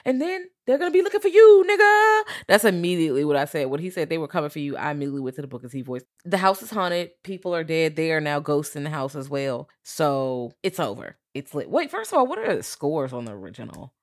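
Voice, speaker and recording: Deep-voiced woman co-host, animated profane film recap. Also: fast talker, few pauses. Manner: animated storytelling, lots of swearing and quoted voices. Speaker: podcast co-host. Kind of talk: casual profane movie recap.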